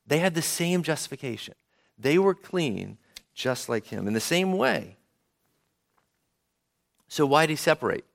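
Male preacher, fairly high voice, very expressive delivery, talks straight to the congregation. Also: measured pace, gravelly, pauses often. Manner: animated, asks the congregation questions. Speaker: pastor. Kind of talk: sermon.

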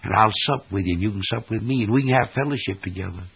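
A man's voice: lowish voice, fast talker, creaky, breathy edge, full character voice. A man preacher voicing Jesus, who pleads tenderly to be let into the listener's heart. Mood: imploring. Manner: tender, imploring, then urgent. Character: wounded, loving Jesus knocking at the heart. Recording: tinny old archive recording.

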